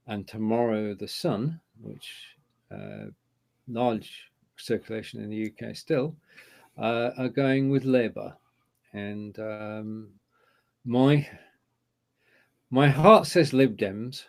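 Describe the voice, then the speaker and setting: A man co-hosting a casual live-stream chat, speaking in a measured, opinionated way. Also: on the low side, vocal fry. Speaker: co-host.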